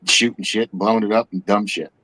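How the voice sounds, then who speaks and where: A man's voice: lowish voice, fairly even intonation, brisk, pushed and bright, no echo, low-quality recording. A man in casual podcast chat, easygoing and rambling a little. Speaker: podcast guest.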